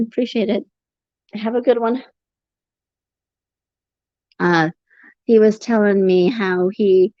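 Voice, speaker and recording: A woman chatting on a home livestream in a meandering, halting way, pausing to sigh as she gathers her thoughts. The sound is dull and lo-fi, and it is bone dry, with no room around her voice. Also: medium pitch, no room sound. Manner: rambling, halting, sighs between thoughts. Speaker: livestream host reading chat. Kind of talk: casual livestream chat.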